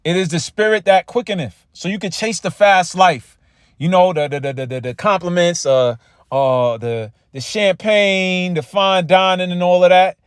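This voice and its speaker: A man preaching a loose, conversational sermon, reading scripture slowly and checking in with "all right?" and "right?" as he goes. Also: high-pitched, smooth, no room sound, studio quality. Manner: reads scripture slowly and with emphasis.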